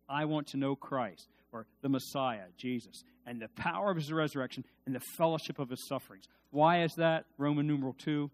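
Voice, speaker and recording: A man preaching a sermon in a conversational way, swinging from quiet asides to loud, emphatic peaks, with restarts and repeated words. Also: mid-range voice.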